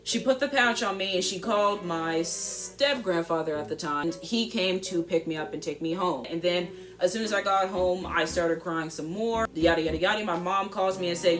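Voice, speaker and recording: A teenage girl vlogger telling a school story in an animated, slangy way, full of asides. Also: lowish voice, normal speed, few pauses, music in the background. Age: teens. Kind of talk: storytime vlog.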